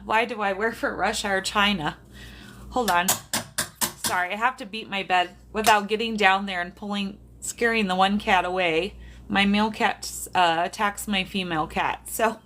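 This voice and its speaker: A woman's voice: medium pitch, sharp tone. A woman from South Dakota, a medium, chatting casually with viewers on a livestream from her bedroom, laughing often. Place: bedroom at home. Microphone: phone or camera on a tripod.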